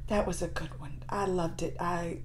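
A woman's voice: on the low side, warm tone. A woman hosting a reaction video, talking emotionally and exclaiming at what she watches. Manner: emotional, exclaiming, gasping and laughing. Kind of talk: casual reaction commentary.

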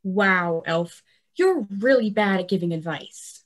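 A woman's voice: medium pitch, lively intonation, slow. A young woman playing a sarcastic teenage girl on an adventure, speaking dryly. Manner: dry, sarcastic. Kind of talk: stage play acting.

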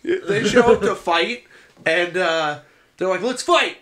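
A man co-hosting a casual podcast, retelling scenes in a rambling, excited way and swearing a lot. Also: high-pitched, takes it slowly. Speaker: podcast co-host. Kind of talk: casual chat.

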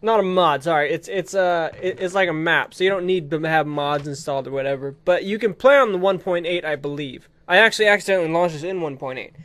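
A young man giving excited let's-play commentary, giggly and bursting into shrieks and laughter. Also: fairly high pitch, quick pace, hardly any pauses. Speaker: gaming video creator.

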